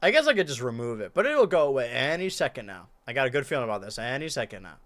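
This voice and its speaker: Young male streamer, lively bright voice, hypes and shouts over a wrestling game, then mutters low. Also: quick pace. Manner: animated, shouts and pleads at big moments, mutters while counting. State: out of breath. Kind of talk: excitable play-by-play commentary.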